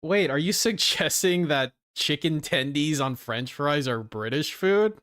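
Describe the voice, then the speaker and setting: A man's voice: a little high, lively intonation, measured pace, a bit bright. A man giving sarcastic, profane commentary on his stream as he reacts to a video.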